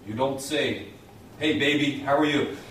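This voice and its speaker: A man in his thirties teaching a communication class, lively and often asking the students questions. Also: medium pitch, unhurried, slight background noise. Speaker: communication skills instructor. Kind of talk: lecture to a class. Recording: echoey classroom from a distance.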